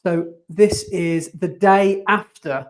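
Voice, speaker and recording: Chatty high-voiced man. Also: slow. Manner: chatty, animated, laughs often. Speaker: podcast co-host. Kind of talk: casual chat.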